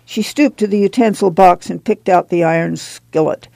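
A woman narrating an audiobook in a calm, even storytelling manner. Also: lowish voice, normal speed, gravelly, dry recording.

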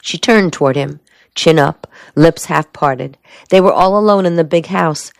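Low-voiced woman narrating a novel. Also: a little slow, creaky, no echo. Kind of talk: audiobook narration.

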